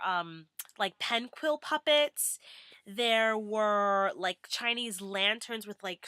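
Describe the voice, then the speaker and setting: A woman's voice: medium pitch, bright, forceful tone, no room sound, studio quality. A young woman vlogging in a bubbly, rambling way with many fillers. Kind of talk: casual chatty vlog.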